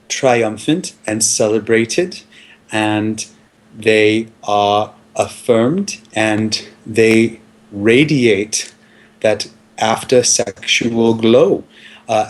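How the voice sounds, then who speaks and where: A man playing a pompous slow-talking film scholar. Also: on the low side. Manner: slow, grandiose, halting with many fillers. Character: pompous male film psychoanalyst, solemn. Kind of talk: improvised comedy sketch.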